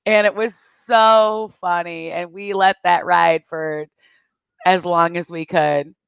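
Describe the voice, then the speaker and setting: A woman's voice: on the low side, fairly even intonation, takes it slowly, vocal fry, a bit bright, clear, resonant tone, no echo, highs cut off. A woman in her forties from Michigan, hosting a casual chat and telling stories, laughing often as she talks. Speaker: channel host.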